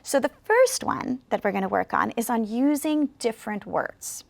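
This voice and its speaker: A woman teaching English learners in a video lesson, speaking slowly and clearly with encouragement. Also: on the high side, very animated, no room sound. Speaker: ESL teacher.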